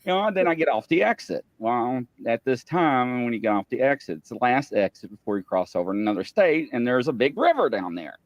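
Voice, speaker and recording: A man's voice: medium pitch, a little fast, hardly any pauses, no echo. A middle-aged man and podcast host, a retired police officer, telling a story casually and playfully to his audience. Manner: animated, playful, repeats "ladies and gentlemen" to the audience.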